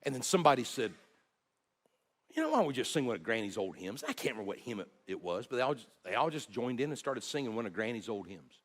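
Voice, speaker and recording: A male pastor preaching, telling a personal story with earnest, halting repeats and hushed dips. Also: mid-range voice, sing-song, big-room sound. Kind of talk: sermon storytelling.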